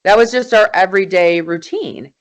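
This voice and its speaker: A woman in her forties, a guest in an interview, telling her story in an animated, emphatic way. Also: mid-range voice, normal speed. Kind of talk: conversational interview.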